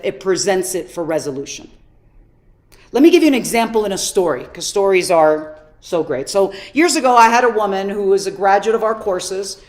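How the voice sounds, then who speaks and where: A woman coaching an online workshop, teaching through animated stories and questions to her audience. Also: mid-range voice. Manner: animated storytelling, rhetorical questions. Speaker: personal development coach.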